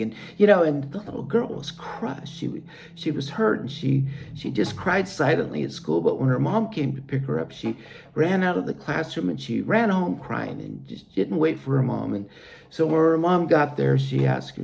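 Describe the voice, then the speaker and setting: A man's voice: a little high, wildly swooping pitch, moderate pace, vocal fry, darkish tone. A man teaching children a Bible lesson, telling a story in an earnest, chatty way. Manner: earnest, addresses listeners as "you guys".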